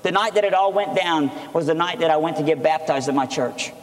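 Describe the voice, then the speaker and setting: A man's voice: fairly high pitch, fairly quick. Man preaching in an echoey hall. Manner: earnest, animated storytelling. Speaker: preacher giving testimony. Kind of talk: sermon testimony.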